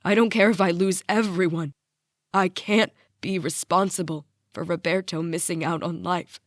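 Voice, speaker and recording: A woman's voice: fairly low pitch, fairly even intonation, normal speed, no echo, studio quality, lightly acted. A woman reading the part of a guilt-ridden father who speaks apologetically, his voice breaking. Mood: desperate.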